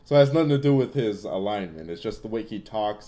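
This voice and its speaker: A man's voice: on the low side, fairly quick, few pauses, mellow. A young man hosting a casual gaming Q&A livestream, giving blunt opinions in loose, filler-heavy talk. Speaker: livestream host answering chat.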